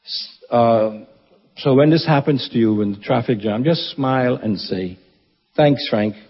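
A man giving a funeral eulogy at his church, earnest and reverent with touches of gentle humor. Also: mid-range voice, breathy edge. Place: church assembly hall. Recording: dull, echoey church hall recording.

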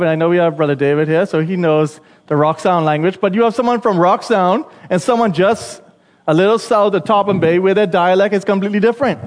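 A man's voice: high voice, big-room sound. A Bahamian man preaching a sermon, chatty and conversational, with asides to the congregation. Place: church.

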